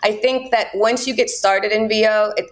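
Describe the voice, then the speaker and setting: Animated woman voice-over actress. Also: mid-range voice, normal speed. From Caribbean. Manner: lively, animated, acts out quotes in put-on voices. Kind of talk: casual interview talk. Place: Miami.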